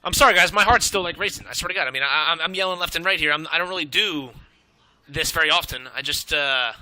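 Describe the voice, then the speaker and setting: A young man commentating a strategy game match, excitable and out of breath, swearing and rambling as he calls the play. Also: fairly high pitch, fast, no echo.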